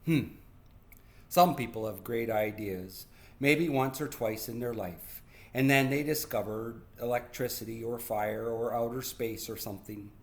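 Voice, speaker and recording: A man reading a children's picture book aloud as a read-aloud host. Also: mid-range voice. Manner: slow and expressive. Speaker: storybook reader.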